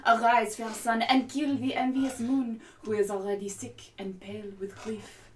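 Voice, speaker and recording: A woman's voice: fairly high pitch, flat delivery, moderate pace, a little hiss or hum, lightly acted. A woman playing young male lover Romeo in a put-on French accent, reciting verse theatrically. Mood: yearning. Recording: voice far from the mic.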